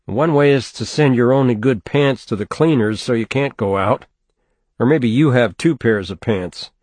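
A man's voice: mid-range voice, normal speed, a little mellow, no room sound, voice pushed up, close to an everyday voice. A man voicing an easygoing young male student, teasing and casual, in an audiobook.

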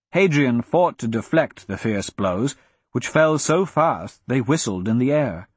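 A man narrating a fantasy audiobook in a steady, measured storytelling manner, recorded on a close mic. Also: medium pitch, breathy edge, no room sound.

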